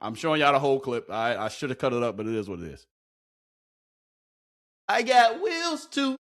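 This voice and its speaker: A young man casually breaking down football practice clips, excitable and full of slang, repeating his lines and laughing as he goes. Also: mid-range voice, very fast. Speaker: football reaction commentator. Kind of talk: casual hyped clip breakdown.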